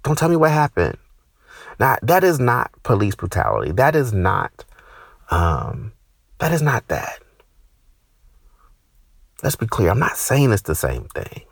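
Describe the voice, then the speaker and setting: A man in his thirties doing stand-up, ranting with profanity and sudden high-pitched outbursts. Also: wildly swooping pitch, unhurried, vocal fry, pauses often, husky, dry recording, clean studio sound. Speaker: stand-up comedian. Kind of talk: stand-up comedy set.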